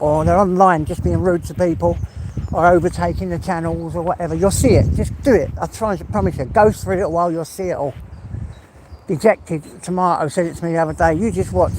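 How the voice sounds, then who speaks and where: A man's voice: on the high side, background noise. An English man hosting a casual outdoor livestream chat, slightly out of breath, rambling and down-to-earth. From England. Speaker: livestream host. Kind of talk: casual walk-and-talk chat.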